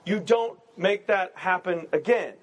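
On a lo-fi recording, a pastor with a light, high voice preaches in a relaxed, chatty way. Joking through everyday anecdotes, he drops quick asides and keeps checking in with a quick "right?".

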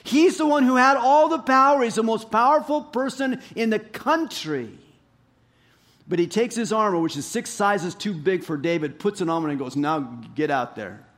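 Animated high-voiced preacher man. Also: moderate pace. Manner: animated storytelling, swings from loud and high to low and soft. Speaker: pastor. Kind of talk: sermon.

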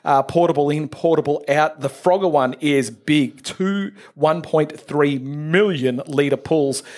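A man's voice: on the high side, a little mellow. Upbeat man hosting a podcast. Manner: upbeat, brisk news-reading host. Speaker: podcast host. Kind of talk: casual industry news chat.

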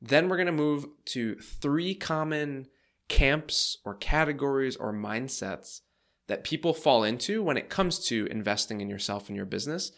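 A man's voice: mid-range voice, lively intonation, normal speed, a bit bright. A man in his thirties with a congested, stuffy voice, hosting a podcast and talking listeners through an episode in a friendly, organized way. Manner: friendly, organized, faith-focused coaching tone. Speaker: podcast host. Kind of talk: casual podcast monologue.

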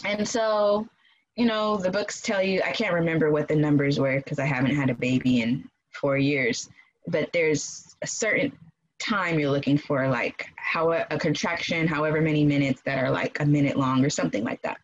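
Lively woman telling a story, low voice. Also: moderate pace, highs cut off. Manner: animated, acts out quoted voices, laughs often. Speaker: guest telling her birth story. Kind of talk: casual storytelling.

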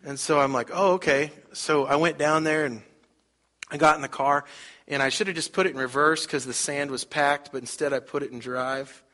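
A man's voice: a little high, flat delivery, moderate pace, pushed and bright. A middle-aged man preaching a sermon, telling a story conversationally and putting rhetorical questions to the congregation. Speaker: pastor.

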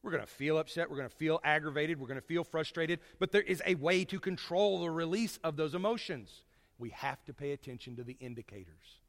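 A man preaching a sermon to his congregation, folksy and storytelling, swinging from loud to hushed. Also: medium pitch, in a large hall.

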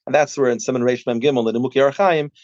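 A man explains a scholarly subject in a casual, halting way, full of restarts and fillers. His voice sits at an ordinary pitch and sounds dry and close. The sound is slightly dull and muffled. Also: steady tone, darkish tone, no echo. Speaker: podcast guest discussing a published book.

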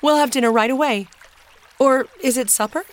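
A woman voicing a brisk, motherly older girl in a storybook reading, speaking briskly and soothingly. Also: sits high, a little hiss or hum, voice pushed up, lightly acted. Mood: cheerful.

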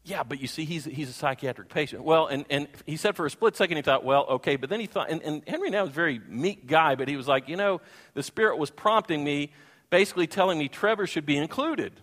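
A man preaching a sermon as a pastor, telling a story in an animated way and acting out the voices of the people in it. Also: fairly high pitch, quick pace. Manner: animated, acts out voices and sings. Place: church hall. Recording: long hall reverb.

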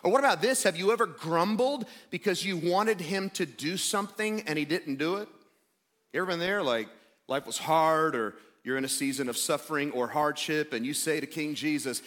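A man in his thirties preaching a sermon to a church congregation, animated and conversational, acting out quoted voices. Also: fairly high pitch, normal speed. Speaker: pastor. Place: church sanctuary.

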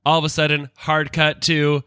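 A man co-hosting a casual movie podcast, animated and quick to laugh. His voice is bright and forward, captured dry and close on the mic. He riffs loosely and swears now and then. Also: on the high side, smooth, dry recording. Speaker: podcast co-host.

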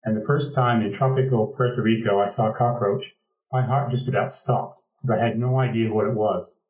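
A man's voice: on the low side, fairly even intonation, a little fast, darkish tone, reverberant, far from the mic, soft background music, low-quality recording. An American man from the Pacific Northwest telling a reflective personal story, restarting phrases as he goes. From Pacific Northwest, United States. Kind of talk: conversational storytelling.

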